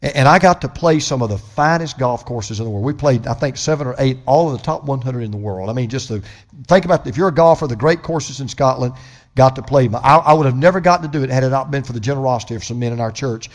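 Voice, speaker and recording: A man preaching a sermon as pastor, impassioned, swinging from loud proclamation to hushed storytelling. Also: medium pitch, quick pace.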